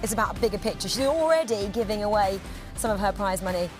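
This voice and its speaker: A woman offers relaxed match analysis. Her voice is mid-pitched and steady. Music plays clearly underneath her. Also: quick pace. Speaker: pundit.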